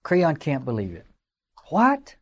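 A man's voice: a little high, lively intonation, measured pace, a little mellow. A man giving a classroom lecture in a conversational, digressive way, with fillers and wry asides. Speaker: teacher.

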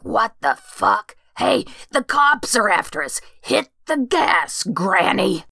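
A woman voicing a jumpy, mouthy young stoned man, in a gravelly, slow voice as she reads a story aloud. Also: mid-range voice, lively intonation, a bit bright, dry recording, studio quality, heavily acted. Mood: panicked.

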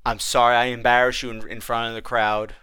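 A man retelling a story and quoting a tearful older male boss who apologizes softly. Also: mid-range voice, little pitch movement, fairly quick, clear, resonant tone, no room sound, close to an everyday voice. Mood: apologetic.

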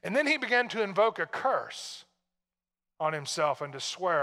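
A pastor from Tennessee preaching a sermon in a conversational way, full of rhetorical questions to the congregation. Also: male voice, sits high, very animated, normal speed, bright, forceful tone, big-room sound.

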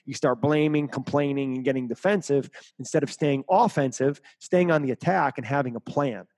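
A man's voice: mid-range voice, moderate pace, darkish tone, dry recording. A middle-aged man giving interview answers as a mental performance coach, speaking emphatically and repeating key phrases.

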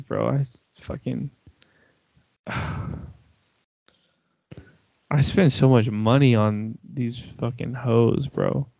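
Laid-back young co-host, low gravelly voice, dull dry mic. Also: male voice, darkish tone, dry recording. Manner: laid-back, swearing, laughing easily. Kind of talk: casual chat.

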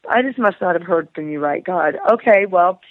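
A woman guest on an interview podcast, telling a personal story with animated emotion, acting out the voices of the people in it and laughing often. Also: lowish voice, normal speed, dry recording. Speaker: actress and singer, podcast guest. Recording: tinny phone-like line, dry.

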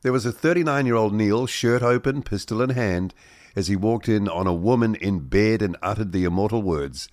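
A man's voice: fairly low pitch, moderate pace, darkish tone, no room sound, studio quality. A man hosting breakfast radio, reading news headlines with wry jokes and asides. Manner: reads headlines with joking asides and mock voices. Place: radio studio.

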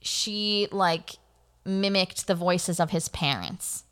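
A woman podcast host tells a spooky story in loose, casual chat. She rambles, fills gaps with "um" and "like" and keeps correcting herself. Her voice is bright and crisp and cleanly heard. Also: on the low side, slow. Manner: rambling, many fillers and self-corrections.

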